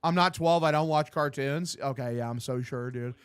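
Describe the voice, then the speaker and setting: A young man streaming casual play-by-play of a baseball game, joking crudely with his chat between pitches. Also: normal speed, smooth, dry recording. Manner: crude, joking banter while reading chat. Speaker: streamer host. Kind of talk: casual play-by-play watch-along commentary.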